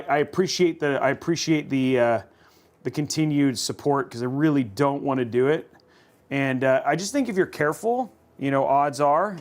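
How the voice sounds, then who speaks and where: A man hosting a livestream, chatting casually and thinking aloud while building a computer. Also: a little high. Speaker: host.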